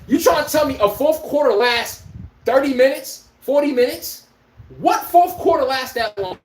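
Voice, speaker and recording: On the podcast he hosts, a man delivers ranting basketball commentary full of swearing and rhetorical questions. He speaks at a moderate pace in a very high-pitched voice, with slight hiss or hum and an echoey room sound.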